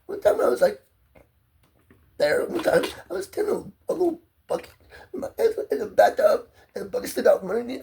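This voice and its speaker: Gravelly man rambling to camera. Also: very high voice, very animated, fairly quick. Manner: rambling, profane, emotionally volatile. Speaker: vlogger. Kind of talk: rambling personal monologue to camera.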